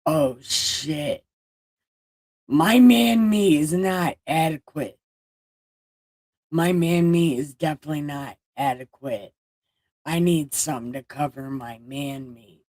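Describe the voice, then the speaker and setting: A woman's voice: deep voice, takes it slowly, long pauses, darkish tone, no room sound, clean studio sound. A woman voicing a flustered, whiny first man in a comic retelling, complaining and blaming.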